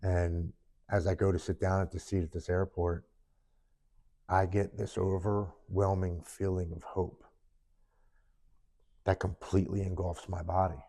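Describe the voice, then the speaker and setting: A man's voice: low-pitched, level tone, unhurried, gravelly, pauses often, mellow. A man as a podcast guest, earnestly telling his own story in the present tense, sitting in person with the hosts. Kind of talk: personal recovery story in a sit-down interview.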